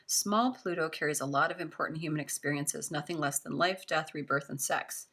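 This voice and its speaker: Low voiced young woman doing a chatty tarot reading, reassuring, lots of "like"s. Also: a little fast, hardly any pauses. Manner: chatty, warm and reassuring, filler-heavy. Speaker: tarot reader.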